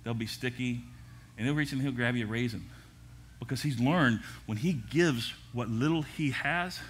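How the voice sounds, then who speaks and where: An older man, a pastor, preaching a sermon at a church service in a lively way, with jokes and asides. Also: mid-range voice, normal speed, slight background noise.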